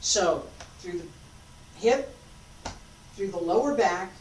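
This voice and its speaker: Slow-paced woman teaching qigong, echoey room. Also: fairly low pitch. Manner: calm, guiding cues paced to breathing. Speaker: qigong instructor. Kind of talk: teaching a movement class. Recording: echoey room, distant mic, faint noise.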